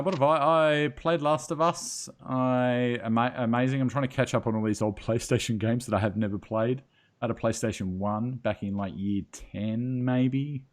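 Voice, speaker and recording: A man's voice: mid-range voice, normal speed. A man in his late thirties, joking and teasing in a casual group video chat. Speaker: co-host.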